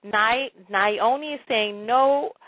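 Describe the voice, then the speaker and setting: A woman's voice: on the high side, slow pace, no echo. A woman hosting a live call-in advice show, stammering through repeats and breaking into laughter and dramatic exclamations. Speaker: radio advice show host. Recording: tinny phone-like line.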